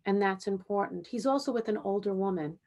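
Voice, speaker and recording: A woman who hosts a podcast as a spiritual medium. She speaks gently and reassuringly, often checking in with "okay?". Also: medium pitch, a little fast. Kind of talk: podcast interview with psychic reading.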